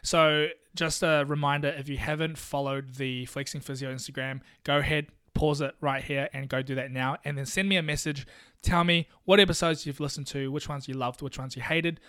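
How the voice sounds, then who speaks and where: A man hosting a podcast, giving relaxed, slangy advice in casual chat. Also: on the high side, a little fast, clear, resonant tone. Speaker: podcast host.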